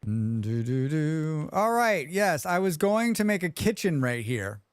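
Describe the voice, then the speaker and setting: Man hosting a live game stream, chatty, animated voice, smooth dry close sound. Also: on the high side, a little slow, dry recording. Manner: chatty, reads chat aloud and hums to himself. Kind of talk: live gameplay commentary.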